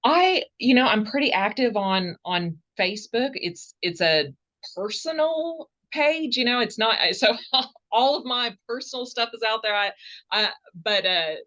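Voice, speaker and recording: A woman's voice: on the high side, animated, measured pace, bright, forceful tone, muffled recording. A woman with a Southern accent speaking earnestly as a podcast guest, often stopping and restarting her phrases. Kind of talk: casual interview answers.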